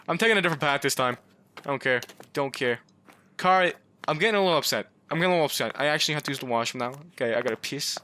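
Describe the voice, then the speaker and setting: A man's voice: fairly high pitch, very animated, fast talker, bright, forceful tone, a little hiss or hum. A man giving comic let's-play commentary, pleading with his car and joking, breaking into yelps and swearing. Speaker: gaming YouTuber.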